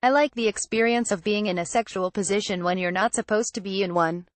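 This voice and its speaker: A woman narrating a news roundup, reading out quotes in an even, matter-of-fact way. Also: mid-range voice, a little fast, no room sound.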